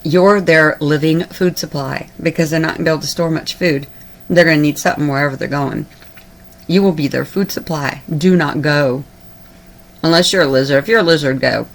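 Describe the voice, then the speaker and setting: A woman's voice: deep voice, a little fast. A woman preaching urgently to her viewers, repeating herself and turning tearful and emotional. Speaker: online video preacher. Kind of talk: emotional personal address to viewers.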